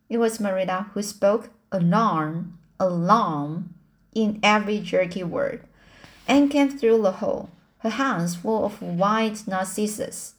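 A woman reading a classic novel aloud chapter by chapter, often pausing on fillers and restarting words. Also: mid-range voice. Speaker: audiobook reader.

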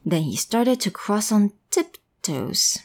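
A woman's voice: medium pitch, big pitch swings, slow, darkish tone. A woman reading a storybook to a child, playful and full of questions. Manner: playful, asks questions, switches languages. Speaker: bilingual storyteller.

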